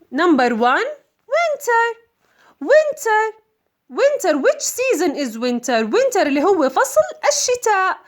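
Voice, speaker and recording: A woman teaching an English lesson, repeating words and answering her own questions. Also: high-pitched. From Jordan. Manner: drills words by repeating them, asks questions and answers them herself. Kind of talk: bilingual classroom lesson.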